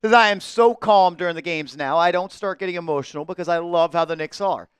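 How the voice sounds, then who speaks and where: A man hosting a fan live stream, calling plays and giving chat shout-outs, bursting into shouts and sing-song calls on big shots. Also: high-pitched, fairly quick, clear, resonant tone, no room sound. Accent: New York. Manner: shouts and sings-along on made baskets, then calmer commentary.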